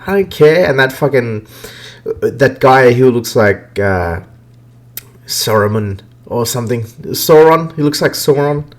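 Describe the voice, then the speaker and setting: A man holds forth on video games in a loose, off-the-cuff podcast rant. He swears constantly and speaks bluntly, at an ordinary middle pitch for a man. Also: animated, unhurried. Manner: profane, blunt, ranting. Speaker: podcast host. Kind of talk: casual gaming rant.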